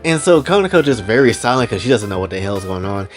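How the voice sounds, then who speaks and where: A man's voice: fairly low pitch, very animated, fast talker, soft background music. A young man casually narrating a story in rambling, slangy speech.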